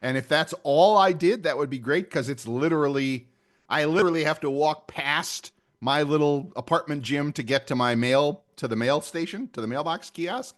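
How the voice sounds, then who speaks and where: A man's voice: fairly high pitch, moderate pace. An older man co-hosting a podcast, chatty and often laughing. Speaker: podcast co-host. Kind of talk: casual chat.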